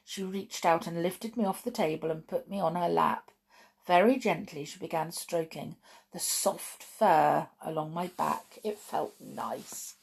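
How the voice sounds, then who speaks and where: A woman reading a children's book aloud, telling the story steadily with lively lifts. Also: lowish voice, unhurried, creaky, husky.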